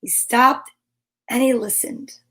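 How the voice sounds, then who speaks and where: Storyteller: woman, high voice, slow expressive picture-book reading with gasps and whispered sound effects. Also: husky. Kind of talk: reading picture books aloud on a live stream.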